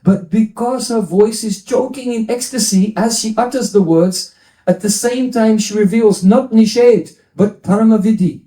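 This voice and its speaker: A man teaches a devotional lecture in a high, mellow voice, explaining scripture terms and dropping playful asides. His voice rings with the echo of a roomy hall. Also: normal speed. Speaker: spiritual teacher.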